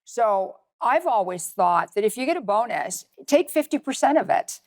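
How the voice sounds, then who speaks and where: A woman's voice: fairly high pitch, sing-song, normal speed, a little mellow, no echo. Direct woman host, dry close sound. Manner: direct, advice-giving. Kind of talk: hosting an interview.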